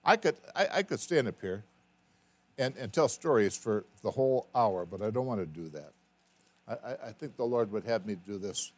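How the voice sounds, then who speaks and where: A man's voice: fairly low pitch, lively intonation, moderate pace. A man preaching a sermon, telling a personal family story with repetitions and emotional swings, then reading scripture emphatically.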